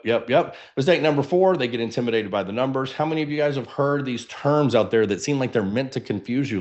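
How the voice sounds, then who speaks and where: A man with a Texan accent and a baritone voice, coaching realtors in a lively, casual webinar while standing and moving around. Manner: energetic, animated, casual. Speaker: real estate coach. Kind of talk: webinar teaching.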